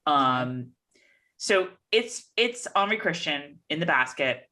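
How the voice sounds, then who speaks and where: A woman's voice: deep voice, expressive, bright, forceful tone. A woman co-hosting a casual TV episode recap, chatty and retelling scenes. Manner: chatty, recounts scenes with quick put-on voices. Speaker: podcast co-host.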